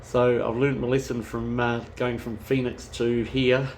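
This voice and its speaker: A man's voice: mid-range voice, flat delivery, measured pace, a little mellow, slight background noise. Rambling, sweary man. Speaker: travel vlogger. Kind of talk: casual chat.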